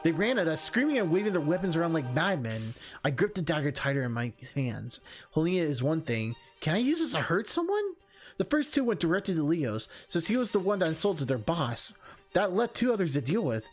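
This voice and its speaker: A streamer reads a game's narration aloud with a lively, bouncing voice. They break into laughs and chatty side comments between passages. Faint game music plays underneath. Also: medium pitch, a little fast. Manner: laughs often, chatty asides. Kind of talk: reading narration with live commentary.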